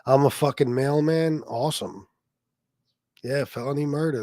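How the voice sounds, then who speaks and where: A man's voice: medium pitch, normal speed, dark tone, no echo, studio quality. A man hosting a casual livestream, telling stories and talking in a blunt, profane way while answering his chat. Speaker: livestream host reading chat.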